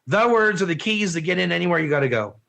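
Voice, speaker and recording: A man teaching an online Torah class in a lively, joking way, firing questions at his students. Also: high-pitched, fast talker, creaky. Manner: animated, asks the class questions, often says "one or two", laughs at own jokes.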